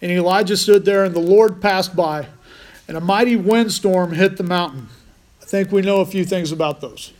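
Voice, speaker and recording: A man's voice: sits high, moderate pace. A man preaching a conversational sermon as pastor, restarting phrases often.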